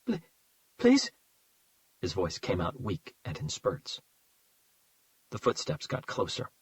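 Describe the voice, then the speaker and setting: A man reading a crime thriller audiobook in a measured, tense narration. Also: low-pitched, expressive, gravelly, no room sound, low-quality recording. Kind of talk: scripted narration.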